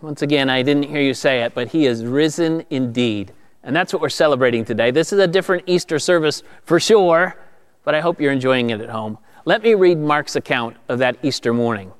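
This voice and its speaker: A man's voice: mid-range voice, brisk, clean tone. A man preaching an Easter sermon as pastor to viewers at home, emphatic and rising when he quotes.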